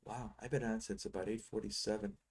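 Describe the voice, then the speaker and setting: A man's voice: lowish voice, level tone, fairly quick, a little hiss or hum. A middle-aged man giving rambling, teasing live commentary on his trading screen, thinking aloud as he goes. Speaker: futures trading software seller.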